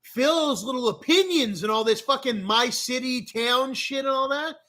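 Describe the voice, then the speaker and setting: A man's voice: very high voice, moderate pace, bright, forceful tone. A man with a Canadian accent telling a long, rambling story in a casual rant, swearing often and talking with a lot of animation. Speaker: streamer.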